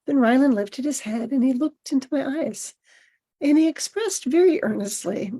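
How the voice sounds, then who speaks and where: A middle-aged woman hosting a podcast, reading a personal essay aloud in a gentle, measured storytelling manner. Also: sits high, lively intonation, slightly rough. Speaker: podcast host.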